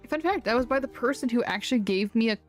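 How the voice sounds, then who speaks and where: A woman's voice: a little high, animated, quick pace, soft background music. A woman telling a solo fantasy story, chatting casually between scenes in a self-mocking way and laughing easily.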